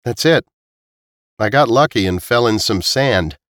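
A man's voice: medium pitch, lively intonation, measured pace, a bit bright, dry recording, clean studio sound. A man voicing a wry, easygoing young man in an audiobook. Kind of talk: audiobook character voice.

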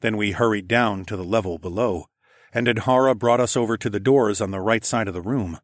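A man reading a first-person story aloud in a quiet, intimate way. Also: fairly low pitch, a little fast, no room sound, clean studio sound. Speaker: audiobook narrator.

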